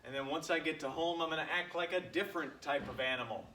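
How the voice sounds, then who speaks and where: A man's voice: on the high side, fast, sharp tone, a little hiss or hum. A man who is a PE coach, counting reps and encouraging his class while doing the workout himself. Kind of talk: workout instruction video. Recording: echoey room picked up from a distance.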